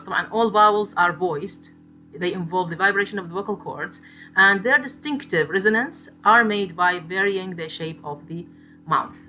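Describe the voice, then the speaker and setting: A woman with Arabic as her first language teaching a phonetics lecture in English, explaining slowly and repeating example words, with Arabic asides. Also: mid-range voice, sharp tone.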